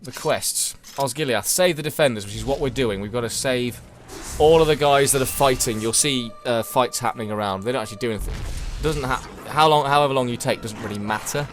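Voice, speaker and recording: A man's voice: medium pitch, fairly quick, few pauses, faint music behind. A man giving chatty, self-deprecating commentary while streaming a game and answering chat. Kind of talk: casual gameplay commentary.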